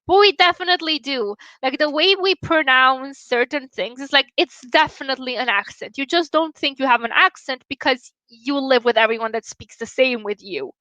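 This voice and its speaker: A woman's voice: high voice, moderate pace, hardly any pauses, pushed and bright, no room sound, low-quality recording. A young woman from Romania with a Romanian accent, chatting casually with viewers on a stream, laughing often and swearing freely.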